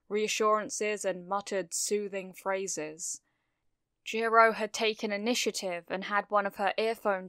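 A woman reading fan fiction aloud, narrating a story with steady, expressive delivery. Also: medium pitch, clean tone, no echo, studio quality.

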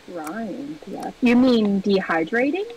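A woman streamer chatting casually over a game, joking in a playful, deadpan way. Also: mid-range voice, slow, distant mic, a little hiss or hum, rough recording. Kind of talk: casual gameplay chat.

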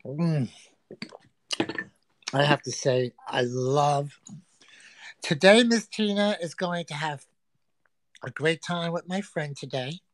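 A woman's voice: low voice, expressive, slow pace, pauses often, dry recording. A woman hosting a casual livestream from a friend's home, teasing and swearing through crude, brash banter. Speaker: livestream host.

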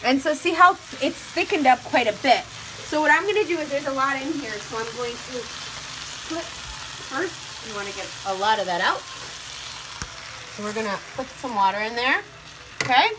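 A woman's voice: high-pitched, animated, normal speed, pauses often, noisy background. A young adult woman hosting a live cooking demonstration, chatty and upbeat, talking straight to her viewers. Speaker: cooking show host.

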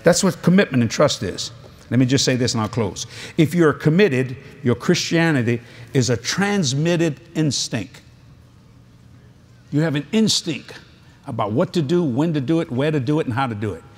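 A man's voice: mid-range voice, lively intonation, moderate pace, slightly rough. A male preacher delivering a convention sermon, telling stories animatedly with laughs and asides.

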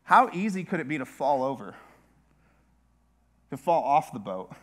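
A man's voice: mid-range voice, big pitch swings, moderate pace. A male pastor preaching a sermon in a chatty way, turning often to the listeners with asides. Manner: conversational, with repeated asides to the listeners.

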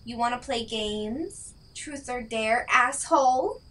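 A woman voicing an angry young male college student who shouts confrontational threats. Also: a little high, slow, distant mic, noisy background. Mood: furious.

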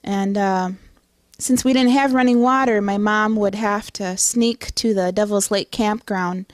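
A middle-aged woman giving an earnest personal testimony, halting, with many restarts and fillers. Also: mid-range voice, fairly even intonation, no room sound, studio quality. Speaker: testimony speaker.

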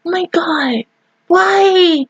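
Brief: excitable young woman reacting to anime, high voice, slightly muffled dry recording, rambling and cursing. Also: extremely slow, gravelly, no room sound. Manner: excitable, emotional, rambling and swearing. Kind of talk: casual reaction commentary.

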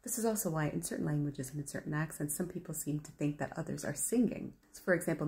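A woman's voice: sits low, creaky, a little mellow. A woman with a North American accent, explaining a language topic to her channel's viewers with enthusiasm. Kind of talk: explainer monologue to camera.

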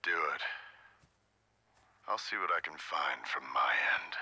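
A breathy, menacing villain. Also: male voice, lively intonation, unhurried, sharp tone, no room sound, full character voice. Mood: grim. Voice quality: breathy, low, raspy. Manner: clipped, growled orders. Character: menacing male villain commander, cold and curt.

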